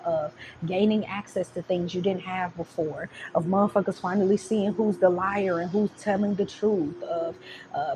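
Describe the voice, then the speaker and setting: A woman giving a casual tarot reading, talking in an animated, slangy and profane way, with home background noise. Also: fairly low pitch. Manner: animated, slangy and profane, breaks into laughs and sung lines. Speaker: tarot reader.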